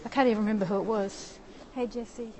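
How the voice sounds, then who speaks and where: Here the host sounds warm, speaking quickly with fairly even intonation at a medium pitch. She holds her phone as she streams live, responding to comments while walking outside and then up stone stairs amid noisy surroundings.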